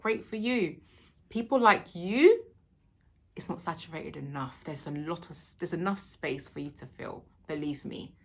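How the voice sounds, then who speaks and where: Bright-voiced reassuring British woman. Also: deep voice, a little slow, slightly rough. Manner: affectionate, calls the viewer sweetheart and darling; emphatic, reassuring, spiritual. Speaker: vlogger giving encouragement. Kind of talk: casual motivational talk to camera.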